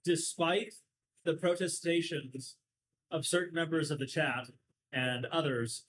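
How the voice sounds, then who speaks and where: A man's voice: a little high, a little slow, a bit bright, poor audio. A man with a Southern Californian accent, hosting a casual podcast and telling stories at length in a sardonic, rambling way. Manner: talkative, sardonic, rambling storyteller. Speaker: podcast host. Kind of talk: casual chat.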